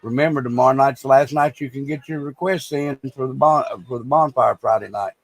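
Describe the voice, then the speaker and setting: A man's voice: medium pitch, fairly quick, vocal fry, soft background music. A man co-hosting a casual livestream, trading crude jokes in a drawling, bantering way. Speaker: livestream co-host.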